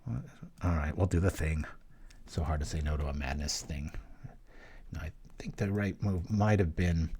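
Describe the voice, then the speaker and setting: A man's voice: low-pitched, mellow, husky. Laid-back man thinking aloud over gameplay. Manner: casual, thinking aloud, quick jokes and small exclamations. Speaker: channel host playing an online card game. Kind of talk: live gameplay commentary.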